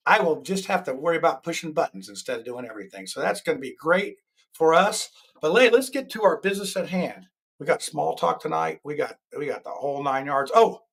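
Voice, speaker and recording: A man in his sixties hosting a live-streamed talk show, rambling and joking and often correcting himself as he goes. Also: on the high side. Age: 60s.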